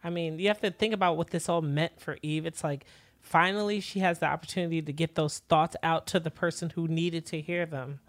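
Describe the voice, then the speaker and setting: Wry woman co-host, lowish voice. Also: steady tone, a little fast, no echo. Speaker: podcast co-host. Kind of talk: casual fan recap chat.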